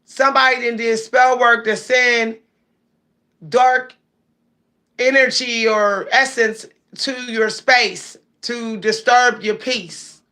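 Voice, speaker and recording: A woman's voice: a little high, fairly even intonation, slow, bright, forceful tone. A woman with hosting a casual livestream, chatting and reading viewer comments aloud. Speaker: livestream host.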